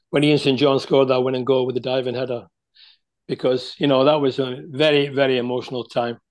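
A man's voice: medium pitch, darkish tone. An older man, a former footballer, telling chatty anecdotes about his playing days over a video call. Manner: chatty anecdotal storyteller, many restarts. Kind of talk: storytelling interview.

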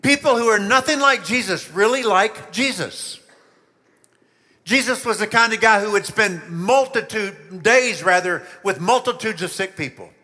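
Pastor, male, high and bright voice, animated storyteller addressing children, church reverb. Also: a little slow. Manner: animated storytelling, asks listeners questions. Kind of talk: children's sermon.

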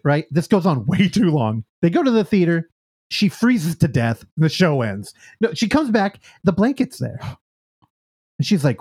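A man's voice: a little high, big pitch swings, moderate pace, a little mellow, breathy edge. A man co-hosting a podcast, recapping a show in a casual, profane way and acting out the characters' lines. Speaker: podcast co-host.

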